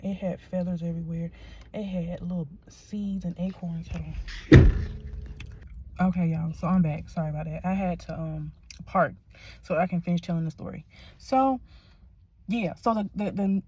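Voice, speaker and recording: A woman tells a rambling story to her viewers from her car, dropping to a hush and then rising to loud, excited disbelief. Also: lowish voice, breathy edge, dry recording. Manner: excitable, rambling, quick to swing between hushed and loud. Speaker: vlogger. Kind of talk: casual storytelling to camera. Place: in a car at a shop, then parked.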